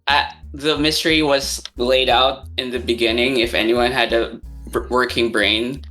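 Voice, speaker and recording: Snarky guy on a podcast, bright edgy voice, laughs a lot. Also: medium pitch, steady tone, moderate pace, faint music behind. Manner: sarcastic, laughs often. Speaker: podcast co-host. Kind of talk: casual chat.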